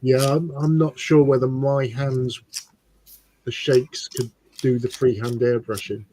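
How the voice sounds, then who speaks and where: A man's voice: mid-range voice, little pitch movement, measured pace, dark tone, a little hiss or hum, rough recording. A man co-hosting a casual model-building livestream, reading viewer comments and trading dry banter. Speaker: livestream co-host.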